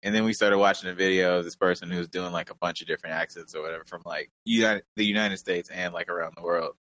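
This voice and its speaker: A man in casual chat, telling stories in a relaxed, enthusiastic way. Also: low-pitched, fast.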